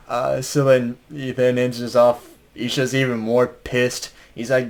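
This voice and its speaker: A man's voice: mid-range voice, steady tone, unhurried. Rambling man casually reviewing an album. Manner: rambling, many fillers and restarts; chuckles while talking.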